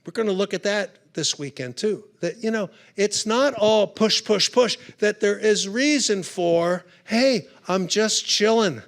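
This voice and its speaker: Man, conference speaker, humorous storytelling, high voice, gravelly, chatty asides. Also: measured pace, few pauses. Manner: chatty, conversational, punchy asides. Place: conference hall.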